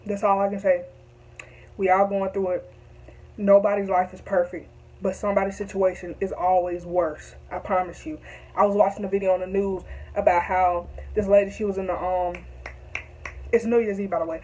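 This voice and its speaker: A woman's voice: medium pitch, little pitch movement, moderate pace, dark tone, poor audio. A young woman telling a story to camera, emphatic and repetitive, heated at times. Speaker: vlogger.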